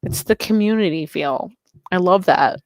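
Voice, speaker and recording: A young adult woman streaming live, chatting casually and excitedly with her viewers and reading their messages aloud. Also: fairly low pitch, moderate pace, no room sound. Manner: bubbly, excitable, reads chat aloud.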